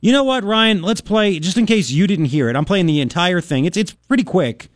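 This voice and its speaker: Animated, sarcastic male radio host. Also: high voice, a little fast, no echo, studio quality. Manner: animated, sarcastic, mocking impressions. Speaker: radio talk show host. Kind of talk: opinionated talk radio monologue.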